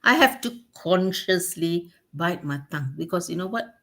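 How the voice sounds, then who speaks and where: A woman's voice: fairly low pitch, expressive, moderate pace, fairly bright tone. A woman hosting a talk show, speaking earnestly and repeating key words for emphasis. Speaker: host. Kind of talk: casual chat.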